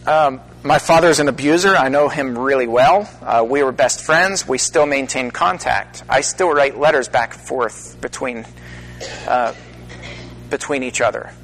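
A middle-aged minister speaking earnestly to an audience, with halting pauses that build into emphatic stresses. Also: male voice, medium pitch, a bit bright, soft background music, poor audio. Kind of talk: personal testimony talk to an audience.

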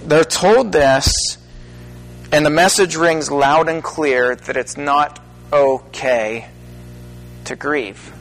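A middle-aged minister speaking earnestly to an audience, with halting pauses that build into emphatic stresses. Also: male voice, fairly high pitch, fairly bright tone, rough recording. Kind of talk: personal testimony talk to an audience.

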